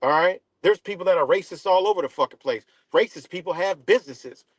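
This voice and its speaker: A man hosting a live stream, ranting casually and profanely, filling pauses with "right?" and "you know?". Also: high voice, dry recording. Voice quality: dreadlocks wearer talking in a loose, street-casual way.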